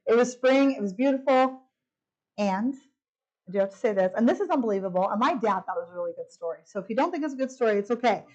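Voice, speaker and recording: A woman's voice: fast, dull audio. A middle-aged woman giving a personal testimony at a church women's retreat, animatedly acting out the quoted lines. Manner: animated, acts out quoted lines with big pitch jumps.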